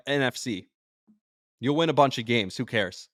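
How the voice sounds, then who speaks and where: A man's voice: medium pitch, moderate pace, no room sound. Drained, emotional man in a dry room. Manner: emotional, rambling, jumps between thoughts. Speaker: podcast host and sports radio personality. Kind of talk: emotional sports podcast monologue.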